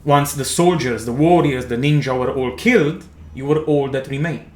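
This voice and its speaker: A man, narrating a tabletop game as game master in a slow, dramatic second-person style. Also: mid-range voice, reverberant.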